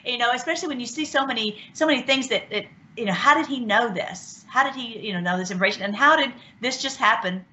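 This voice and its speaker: A woman hosting an online show, talking casually and excitedly, with many restarts and fillers. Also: fairly high pitch, fast, hardly any pauses. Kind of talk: casual talk commentary. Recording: dull lo-fi sound.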